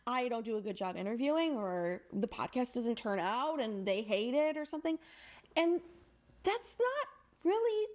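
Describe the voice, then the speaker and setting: A woman hosting a podcast, chatty and self-deprecating as she interviews a guest, and quick to laugh. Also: fairly high pitch, animated, a little mellow. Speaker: podcast host.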